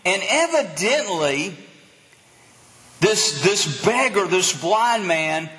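A man preaches in an unhurried, lively way, his voice set high and swinging widely in pitch. He acts out the crowd's voices as he goes. The sound carries a long reverb from the hall. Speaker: pastor. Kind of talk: sermon.

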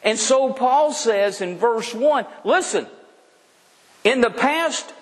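A man's voice: very high-pitched, lively intonation, takes it slowly. A man preaching a sermon, emphatic and repetitive, asking the congregation rhetorical questions. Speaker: pastor. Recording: long hall reverb.

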